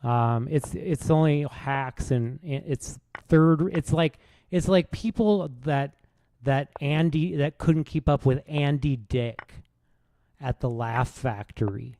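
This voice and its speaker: A man's voice: a little high, takes it slowly, mellow, no room sound. A man streaming chess, rambling through a rude comic roast with lots of false starts. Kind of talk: casual streaming commentary while playing.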